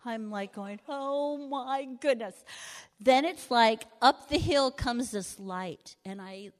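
Woman speaker giving a slow, laughing testimony in a church hall with long reverb. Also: a little high. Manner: laughs easily while telling stories. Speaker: mission trip speaker. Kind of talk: storytelling testimony.

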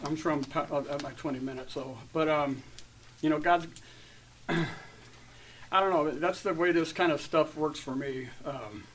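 Speaking to a group, a man in his fifties offers a rambling but sincere church testimony, restarting often and using many fillers, then becoming loud and lively as he recounts stories. His pitch is medium. The distant mic carries faint room ambience and slight hiss or hum.

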